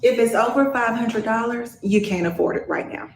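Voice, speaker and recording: A woman's voice: fairly high pitch, moderate pace, close to an everyday voice. A woman acting as a firm divorce lawyer in a skit, asking short, pointed questions. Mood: stern. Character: blunt, no-nonsense female divorce lawyer. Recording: echoey room with background noise.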